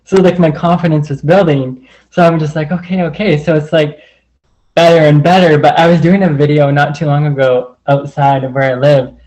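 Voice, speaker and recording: A man's voice: on the high side, fairly even intonation, normal speed, a little mellow, poor audio. Rambling man telling a story. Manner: rambling, full of "like" and re-enacted quotes. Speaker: group call participant. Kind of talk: personal storytelling on a video call. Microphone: video call.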